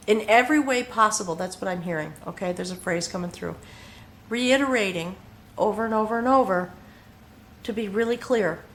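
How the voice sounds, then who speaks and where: A woman at a mid pitch gives a heartfelt tarot reading indoors. She speaks to the viewer directly and earnestly, often pausing to check in with a quick "okay?". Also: a little hiss or hum. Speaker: tarot reader. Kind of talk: intimate spiritual tarot reading to camera.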